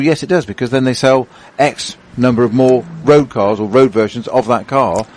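A man's voice: medium pitch, a little mellow. A man co-commentating on motorsport, telling anecdotes in a rambling way with many restarts.

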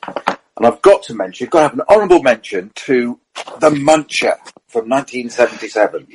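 A man telling motorsport anecdotes in casual, animated chat, full of fillers and asides. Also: mid-range voice, a little fast, slight background noise, rough recording. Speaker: motorsport storyteller on a panel. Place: at a racing circuit event.

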